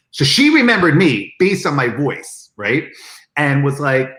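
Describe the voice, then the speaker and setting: A man telling stories as an interview guest, animated and acting out the lines he quotes in lively chat. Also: mid-range voice, brisk, roomy sound, poor audio. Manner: animated, acts out quoted dialogue. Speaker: guest, event marketing executive. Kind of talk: casual storytelling in an interview.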